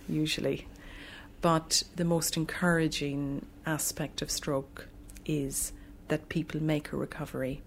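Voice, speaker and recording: A woman consultant physician explaining in a measured, explanatory documentary interview. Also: deep voice, level tone, a little hiss or hum.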